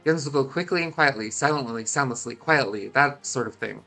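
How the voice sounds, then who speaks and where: A Scottish man voicing a nervous little kobold doorkeeper who talks hushed with a folksy dialect and repeats himself. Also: mid-range voice, fairly quick, creaky, soft background music.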